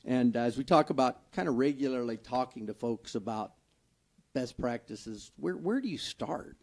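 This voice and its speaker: A man's voice: medium pitch, moderate pace, vocal fry. Joking male radio talk host. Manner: joking, relaxed, loose phrasing. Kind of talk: casual studio banter and interviewing. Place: radio studio. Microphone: studio microphone.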